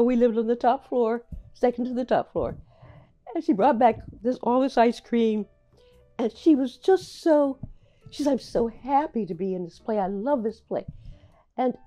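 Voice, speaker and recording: Older woman telling a halting story. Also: high voice, dark tone. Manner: halting, repeats words and restarts while remembering. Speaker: playwright recalling her career. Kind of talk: reflective personal storytelling.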